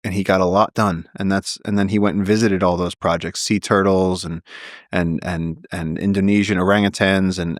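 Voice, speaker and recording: A man guest on a podcast, a naturalist telling stories in an animated way, with tumbling phrases and frequent restarts. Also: low voice, no room sound, studio quality. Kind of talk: casual storytelling conversation.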